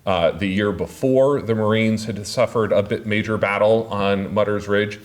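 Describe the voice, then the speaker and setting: A man giving a public talk as an author, speaking haltingly with many filler sounds. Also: lowish voice, fairly even intonation. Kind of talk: public lecture.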